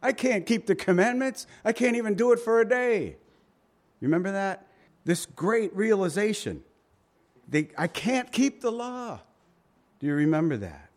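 A man's voice: sits high, expressive, moderate pace. A man preaching a sermon, reading scripture and telling stories with acted quotes, his volume and pace swinging widely. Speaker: pastor.

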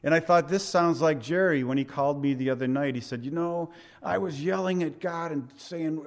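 A middle-aged man preaching a sermon as a pastor, in a conversational way, building up for emphasis and then dropping to soft asides. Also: on the high side, normal speed, few pauses.

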